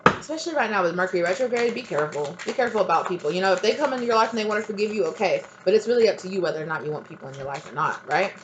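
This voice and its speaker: A woman's voice: medium pitch, expressive, rapid-fire, highs cut off, slight background noise. A woman giving a tarot reading in a casual, blunt, emphatic monologue. She swears freely and keeps asking the viewer "right?". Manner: talks straight to the viewer, often adds "right?". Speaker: tarot reader. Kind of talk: casual spiritual advice monologue.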